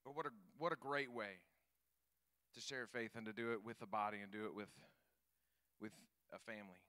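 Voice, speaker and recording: A man preaching a sermon, telling stories with animated enthusiasm. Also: lowish voice, a little fast, clean tone. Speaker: pastor.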